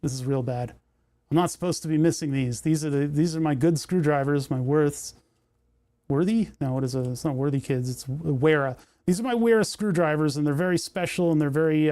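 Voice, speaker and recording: A man chats casually on a livestream, thinking aloud in a rambling, self-deprecating way. His voice sits a bit high for a man, and the sound is close and dry. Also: warm tone, dry recording. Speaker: livestream host. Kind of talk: casual livestream chat while repairing.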